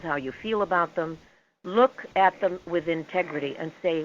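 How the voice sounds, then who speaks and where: A woman guest on a talk show, speaking in a measured, reflective way. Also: lowish voice. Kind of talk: interview conversation. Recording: dull lo-fi line with faint noise.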